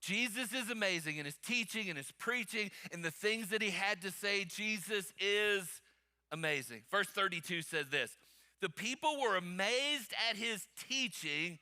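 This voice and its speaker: A male pastor preaching a sermon emphatically, calling on the congregation to answer out loud. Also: high voice, lively intonation, normal speed. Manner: emphatic, calls for congregation responses.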